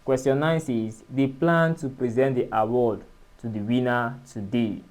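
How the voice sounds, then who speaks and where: Male tutor, mid-pitched, measured, spells words out for students. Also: fairly even intonation, a little mellow. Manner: measured, spells out letters and syllables. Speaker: exam tutor. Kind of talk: exam-prep lesson.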